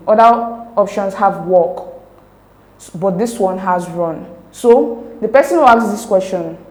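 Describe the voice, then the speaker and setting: Woman tutor with a mellow voice. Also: medium pitch, echoey room, low-quality recording. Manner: slow, careful, spelling out sounds and options. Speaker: exam tutor. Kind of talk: recorded exam lesson explaining answers.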